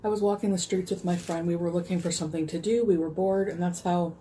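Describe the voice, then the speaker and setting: A woman's voice: on the low side, steady tone, fast talker, warm tone, slight background noise. A woman telling a casual storytime in a rambling way, full of fillers. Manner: rambling, frequent fillers, laughs easily.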